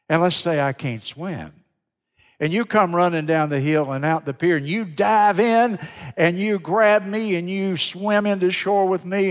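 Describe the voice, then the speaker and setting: A man preaching a sermon, telling folksy stories and swinging from loud to hushed. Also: sits high. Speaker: pastor. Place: large church sanctuary. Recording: long church reverb.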